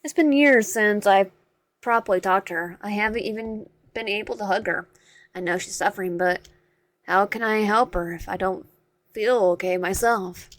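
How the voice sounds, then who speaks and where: A woman voicing a shy, troubled teenage boy in a visual novel who speaks softly and stumbles over his words. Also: medium pitch, normal speed, dry recording, natural voice. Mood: hurt.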